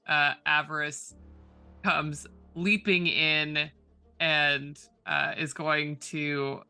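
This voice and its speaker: Slow, bright-voiced man playing a tabletop game. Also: a little high, smooth. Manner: slow, drawn-out narration with frequent fillers. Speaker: player. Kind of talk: describing actions in a tabletop game.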